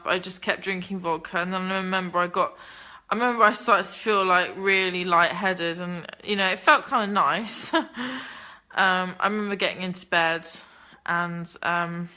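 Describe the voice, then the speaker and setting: Blunt bright-voiced woman. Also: mid-range voice. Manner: blunt, candid, swears freely. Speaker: livestreamer reading chat. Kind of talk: casual confessional storytelling.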